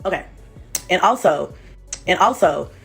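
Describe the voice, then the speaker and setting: A woman's voice: lowish voice, expressive, a little slow, gravelly, fairly bright tone, faint music behind. A woman on a livestream, delivering a confrontational, profane rant at a former friend.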